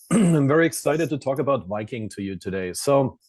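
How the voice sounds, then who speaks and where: A man with a German accent, a cruise line business development director, giving an enthusiastic webinar presentation and often clearing his throat. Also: medium pitch, animated, moderate pace, a little mellow.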